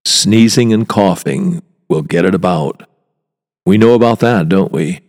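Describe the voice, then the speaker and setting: A man's voice: low-pitched, measured pace, darkish tone, long reverb tail. A man, a walking tour guide, hosting a podcast monologue in a wry, chatty way with rhetorical asides.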